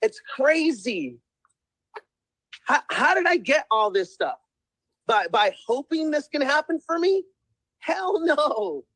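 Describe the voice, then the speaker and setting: A man's voice: extremely high pitch, big pitch swings, slow pace, long pauses, a bit bright, no room sound, rough recording. A man giving an emphatic motivational pep talk, repeating himself and calling the viewers guys. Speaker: testimonial speaker.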